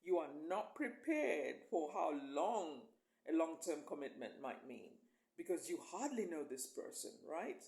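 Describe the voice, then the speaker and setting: A woman coach speaks straight to camera in an emphatic, coaxing way, her pitch swinging widely as she presses each point. She keeps drawing the listener in with quick check-ins. The sound carries a noticeable echo from the room. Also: dark tone. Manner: emphatic, coaxing, often asks "right?". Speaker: life and visibility coach. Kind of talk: motivational talk to camera.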